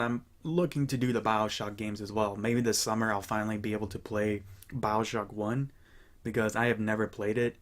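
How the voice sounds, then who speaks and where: A young man chatting casually as host of a gaming channel, rambling and relaxed with many fillers and restarts. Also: medium pitch. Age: young adult. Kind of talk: casual chat.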